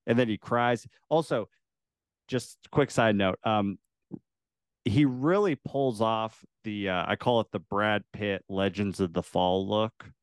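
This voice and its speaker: A man's voice: lowish voice, takes it slowly, clean tone, no room sound. A man co-hosting a casual movie podcast. He rambles through his points with lots of "like" and laughs often. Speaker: podcast co-host.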